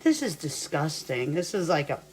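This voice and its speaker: A woman's voice: sits low, very animated, normal speed, a little mellow, slight background noise. A woman hosting a casual cooking show in her home kitchen, rambling, swearing and laughing as she cooks. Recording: roomy room, mic at a distance.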